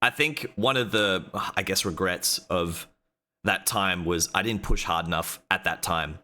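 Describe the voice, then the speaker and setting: A man hosting a casual streamer interview, talking in a halting way with many restarts. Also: low voice, bright, forceful tone.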